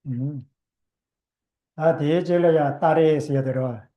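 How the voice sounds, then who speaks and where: A man giving a Buddhist teaching in short, repeated phrases with pauses. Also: on the high side, highs cut off.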